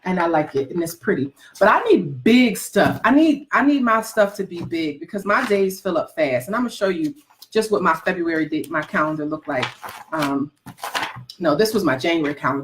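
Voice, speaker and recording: A woman's voice: on the low side, expressive, moderate pace, a little hiss or hum. A woman coaching aspiring book writers in a motivational talk to a live audience, emphatic and repetitive, teasing her listeners and calling them "baby". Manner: folksy, calls listeners "baby".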